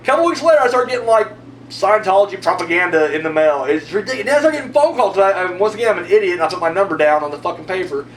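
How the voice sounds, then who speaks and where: Animated, profane man telling a story. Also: sits high, rapid-fire, recorded from a distance. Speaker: video host answering viewer comments. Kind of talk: casual storytelling monologue. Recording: roomy echo, mic set back, faint hum.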